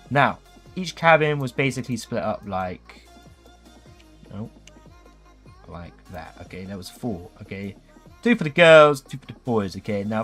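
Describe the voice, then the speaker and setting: Lively man telling a cheeky story. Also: medium pitch, slightly rough. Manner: animated, cheeky, keeps adding "okay?". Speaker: streamer. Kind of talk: casual storytelling on a livestream.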